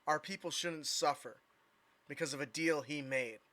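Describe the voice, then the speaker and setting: A man's voice: fairly high pitch, normal speed, sharp tone. A man voicing a distraught woman who earnestly pleads to save her people. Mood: pleading.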